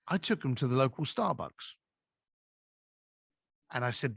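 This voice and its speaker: A man as a podcast guest, giving advice through animated stories and acting out quoted dialogue. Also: medium pitch, measured pace, creaky, pauses often, husky, dry recording, clean studio sound. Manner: acts out quoted dialogue with lively voices.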